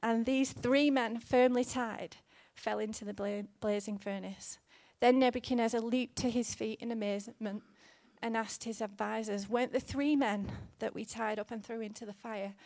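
A woman in her thirties preaching a sermon in an earnest, gently conversational way, with fillers here and there. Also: a little high, steady tone, moderate pace, hardly any pauses, no echo.

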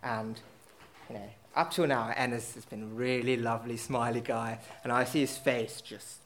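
A man's voice: mid-range voice, steady tone, normal speed, a bit bright, a little hiss or hum. A man telling a casual anecdote on stage, rambling with lots of fillers and poking fun at himself. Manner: rambling, filler-heavy, self-mocking. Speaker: storyteller at a live event.

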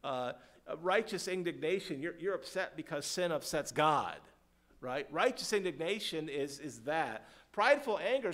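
Man, pastor, church sermon, slightly high voice, calls out to the congregation, quiet prayer to loud emphasis. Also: animated. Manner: preaches with call-and-response questions to the congregation; swings from quiet, slow prayerful passages to loud emphatic points.

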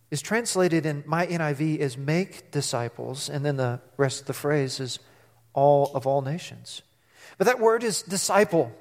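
Heard in a big-room sound, a middle-aged pastor with a slightly high voice delivers an animated sermon. He performs quotes and asks his congregation questions.

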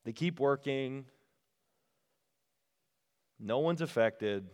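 A man's voice: mid-range voice, lively intonation, very slow, darkish tone, smooth, long reverb tail. A man giving a casual, storytelling sermon at a retreat, talking straight to the crowd. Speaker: retreat speaker. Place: retreat meeting room.

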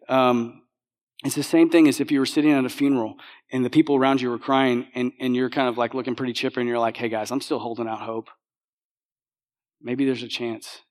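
A man's voice: medium pitch, darkish tone. A pastor preaching a sermon in a conversational way, often checking in with his audience. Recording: long hall reverb.

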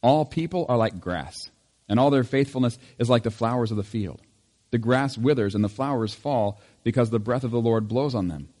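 A man serving as pastor, leading a church service with prayer and scripture reading, reading in a measured way and lifting his voice on key lines. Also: medium pitch, warm tone, big-room sound. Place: church sanctuary.

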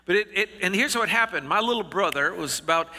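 A middle-aged male pastor tells his story in a slightly raised, very bright voice. He speaks in a folksy, earnest way and stumbles and restarts often. His words ring out with the long reverb of a large hall. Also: sits high, lively intonation, a little fast. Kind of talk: storytelling sermon.

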